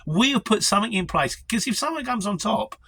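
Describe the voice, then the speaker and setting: Chatty mockney man, husky and lively. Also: high voice, fairly quick, no room sound. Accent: London Mockney. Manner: chatty, self-deprecating, rambling with restarts. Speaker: lorry driver vlogger. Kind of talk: casual chat answering viewer questions.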